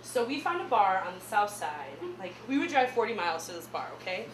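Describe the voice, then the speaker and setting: A young woman with a Midwestern accent doing an animated stand-up set, laughing at her own punchlines. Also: mid-range voice, brisk, background noise. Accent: Midwestern American. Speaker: stand-up comedian. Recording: echoey room with mic far off.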